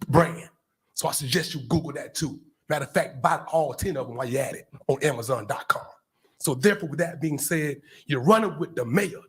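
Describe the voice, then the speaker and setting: A man's voice: on the high side, a little fast, fairly bright tone, slightly rough. A man from Florida speaking at a county commission meeting podium in an emphatic public comment, repeating himself and addressing people directly. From Brevard County, Florida.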